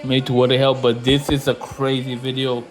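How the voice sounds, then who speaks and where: A man ranting casually to camera in slangy, profane talk, getting louder when he is indignant. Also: mid-range voice, moderate pace, music in the background, rough recording. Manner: slangy, animated, swears freely; rising loud when indignant. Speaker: investing vlogger.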